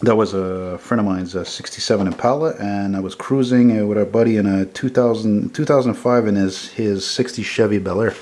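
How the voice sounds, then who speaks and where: A man's voice: fairly low pitch, darkish tone. A man, rambling enthusiastically as he walks through photos he is selling. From Montreal, Canada. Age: 40s. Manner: rambling and enthusiastic, quick with self-corrections. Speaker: photographer selling his car prints. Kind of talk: casual sales walkthrough.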